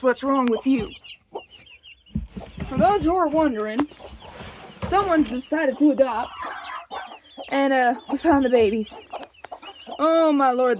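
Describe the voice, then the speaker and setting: A woman narrating her farm chores casually, coaxing and exclaiming at her chickens. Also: high voice. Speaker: farm vlogger. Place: outdoor chicken coop. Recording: loud farmyard background noise. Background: clucking hens and chirping chicks.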